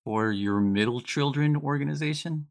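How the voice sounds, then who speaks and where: A man's voice: medium pitch, normal speed. A man playing a tabletop game, joking and wry as he talks with the game master. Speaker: player.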